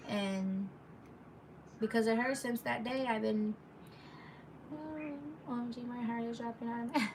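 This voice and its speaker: Woman, live-stream storytime, rambling, gravelly, a bit far from the phone mic, faint background noise. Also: fairly high pitch, steady tone, a little slow, long pauses. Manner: rambling, chatty, full of "like" and asides to viewers; reads viewer comments aloud mid-story.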